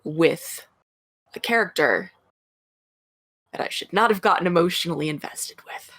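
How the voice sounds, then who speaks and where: A woman's voice: fairly low pitch, animated, moderate pace, a bit bright, no echo, clean studio sound. A woman podcast co-host telling a story in a casual, chatty way, full of fillers. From American Midwest. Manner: chatty, many fillers like "like" and "you know".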